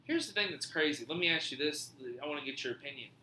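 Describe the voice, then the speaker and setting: A man hosting a podcast, telling a story in a casual, animated way, swearing freely and acting out what people said. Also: fairly high pitch, fast talker, roomy sound, slight background noise. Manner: animated, profane, acts out quoted dialogue. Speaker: podcast host.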